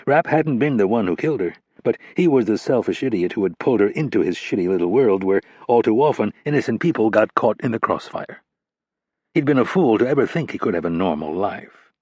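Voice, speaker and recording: Husky low-voiced man narrating. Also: a little mellow, dry recording, dull audio. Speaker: audiobook narrator. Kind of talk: scripted audiobook narration.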